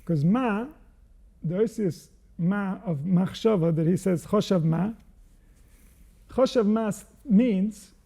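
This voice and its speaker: Gravelly high-voiced man teaching slowly. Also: mellow. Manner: measured, reflective explanation with pauses and Hebrew terms. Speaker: Jewish spiritual teacher. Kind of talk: unscripted spiritual teaching.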